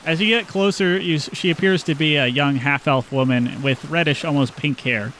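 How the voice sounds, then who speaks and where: Man, game master, relaxed narration, slightly higher voice. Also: normal speed, slight background noise.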